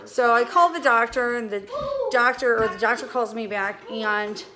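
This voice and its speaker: A woman's voice: on the high side, steady tone, moderate pace, a crowd in the background. A woman in her thirties, a vlogger telling a rambling, anxious story in a casual chat from home. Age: 30s. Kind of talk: casual vlog rant. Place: home with family nearby.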